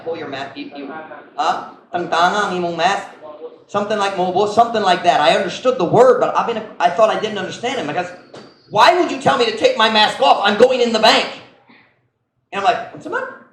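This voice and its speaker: A man's voice: high voice, fairly bright tone, echoey room, slight background noise, poor audio. An American man preaching a sermon as pastor, telling stories in a chatty way and mixing in Cebuano phrases. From United States. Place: church.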